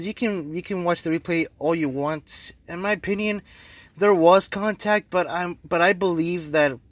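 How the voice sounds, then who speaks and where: A man's voice: a little high, fairly bright tone, no echo. A young man co-hosting a casual soccer podcast, brash and trash-talking as he recaps the match. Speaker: co-host.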